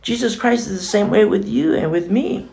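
A man's voice: high voice, animated, moderate pace, vocal fry, a little mellow, slight background noise. A man preaching a casual, conversational sermon as pastor, often dropping in "you know" and acting out the voices in scripture.

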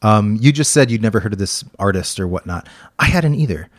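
A man's voice: on the low side, expressive, brisk, dry recording, studio quality. A man co-hosting a casual music podcast, talking with enthusiasm and rambling, sometimes singing bits of lyrics. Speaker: podcast co-host. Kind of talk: casual music review chat.

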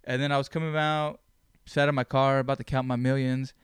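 A man hosting his own podcast, telling stories in a blunt, animated way with plenty of swearing. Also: mid-range voice, fairly quick, clear, resonant tone, dry recording, clean studio sound. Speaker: podcast host. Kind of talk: casual chat.

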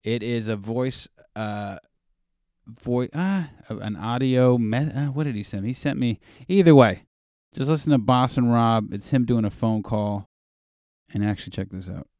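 A man's voice: mid-range voice, a little slow, a little mellow, no room sound, studio quality. A man hosting his own podcast in rambling, profane, self-deprecating casual chat. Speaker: podcast host.

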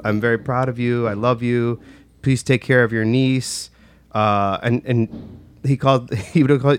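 A man's voice: medium pitch, no echo. A man telling a personal story in casual chat, rambling with lots of "like" and restarts. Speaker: storyteller recounting a personal experience.

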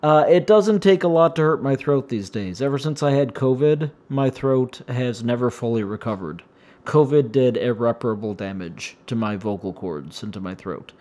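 A man hosting a solo podcast, his voice slightly hoarse and shaky, rambling and wryly complaining as he talks. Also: medium pitch, expressive, normal speed, darkish tone. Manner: meandering, self-interrupting, wry complaints. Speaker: podcast host.

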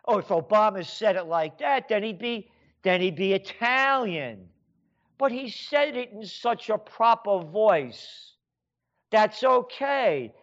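A man's voice: high-pitched, very animated, slow, a bit bright, lo-fi sound. An American man and author ranting sarcastically in a monologue, firing off rhetorical questions in a heated tone. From United States.

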